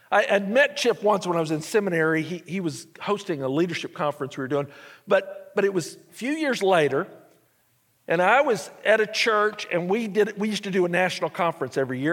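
Husky, high-voiced male pastor, sermon delivery, long church reverb. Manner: animated storytelling, acting out dialogue. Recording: echoey church hall.

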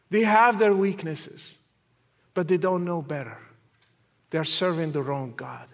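A man giving an earnest testimony as a guest speaker, repeating phrases and at times dropping to a quiet, soft voice. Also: high-pitched. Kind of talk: testimony sermon.

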